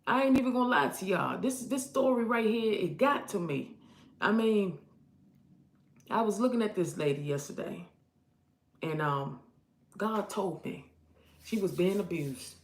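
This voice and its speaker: A woman preaching prophetic advice in an emphatic way, repeating her points and growing loud when she exhorts. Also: mid-range voice, animated, unhurried, long pauses, echoey room. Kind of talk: impassioned street-style preaching.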